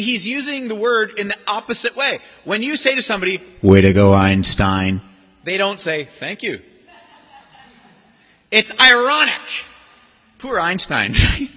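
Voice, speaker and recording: A man preaching a sermon in a church, lively and expressive, mimicking sneering voices as he makes his points. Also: high-pitched, husky. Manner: animated, acts out sneering voices. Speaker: pastor. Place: church sanctuary. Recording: long hall reverb.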